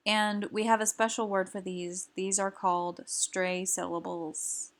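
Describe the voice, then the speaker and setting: A woman teaching a recorded lesson, explaining slowly and carefully with some fillers. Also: medium pitch, flat delivery. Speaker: language teacher.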